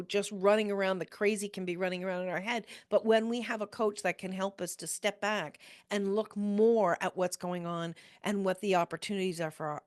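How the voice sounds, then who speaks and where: A middle-aged woman hosting a motivational business podcast, earnest and quick to laugh while telling stories. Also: medium pitch. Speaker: podcast host and business coach.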